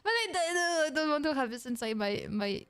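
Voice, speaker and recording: High-voiced French woman chatting playfully. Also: big pitch swings, normal speed, a bit bright, faint music behind. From France. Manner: playful, mock-indignant, laughs often, broken English phrasing. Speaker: streamer. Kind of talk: casual react-stream chat.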